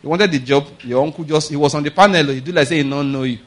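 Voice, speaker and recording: Pastor preaching a lively sermon. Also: male voice, fairly high pitch, fast talker. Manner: animated storytelling with pidgin asides, laughing; repeats questions to the congregation.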